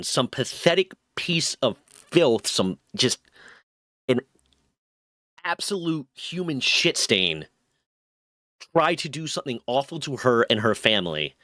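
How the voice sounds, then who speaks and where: Man, streamer, heated commentary, swears a lot, indignant, dry close sound, mid-pitched voice. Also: fairly bright tone, no room sound. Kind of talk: angry commentary.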